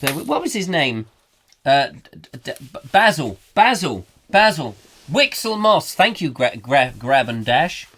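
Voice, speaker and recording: A man's voice: fairly high pitch, sing-song, measured pace, a bit bright, a little hiss or hum. A middle-aged Englishman hosting a live comic chat show, rambling playfully and slipping into silly voices. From England.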